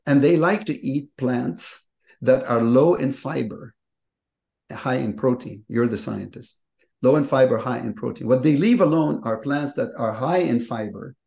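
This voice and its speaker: A man speaking as the guest economist in a webinar interview, explaining at length in an animated way and posing rhetorical questions over a video call. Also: mid-range voice, vocal fry. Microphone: video call microphone. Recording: echoey room on a video call.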